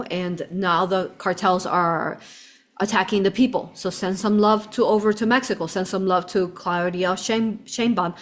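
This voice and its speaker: Fervent woman vlogger, rambling. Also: medium pitch. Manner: rambling and fervent, often addresses listeners as "you all". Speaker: spiritual vlogger. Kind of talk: casual direct-to-camera storytelling.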